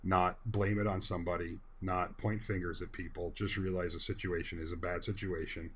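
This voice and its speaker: A man's voice: low voice, flat delivery, a little fast, fairly bright tone, husky. A man in a casual discussion, speaking in an earnest, folksy and rambling way.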